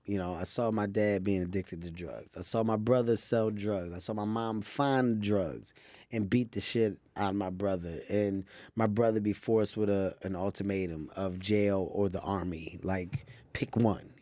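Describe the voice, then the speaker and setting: A man in his thirties, a comedian guest in a studio interview, telling stories in an animated, quick way. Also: on the low side, dry recording. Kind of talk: interview storytelling.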